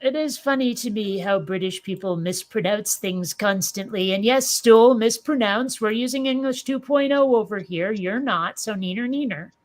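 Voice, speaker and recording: A woman in casual chat, talking in a wry, animated way and telling stories. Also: medium pitch, normal speed, few pauses. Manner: chatty, wry, animated storyteller. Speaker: podcast co-host.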